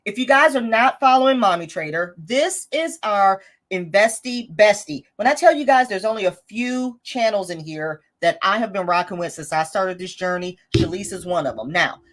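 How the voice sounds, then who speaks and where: This is a woman running a casual budgeting livestream. Her voice sits at an ordinary middle pitch but moves a lot, rising and falling as she chats. She keeps reading out viewer comments and answering them, often stopping to correct herself. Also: lively intonation, moderate pace, few pauses. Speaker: host of a live budgeting stream.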